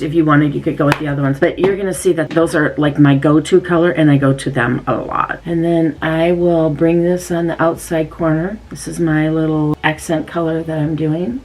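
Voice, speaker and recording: Low-voiced woman chatting through makeup. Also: darkish tone, rough recording. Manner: chatty, demonstrating step by step. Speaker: beauty vlogger. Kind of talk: casual makeup tutorial.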